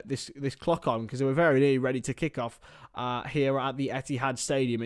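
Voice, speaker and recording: A man streaming live fan commentary on a football match, excitable and rambling, chatting with his viewers between calls of the play. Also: mid-range voice, no echo, studio quality.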